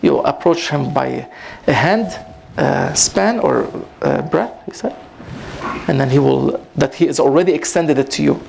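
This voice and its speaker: A man giving an informal religious talk to a gathering, rising in pitch for emphasis and mixing in Arabic phrases. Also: lively intonation, measured pace, creaky, a little mellow, slight background noise. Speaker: Sufi teacher giving a talk. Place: prayer hall at a community gathering.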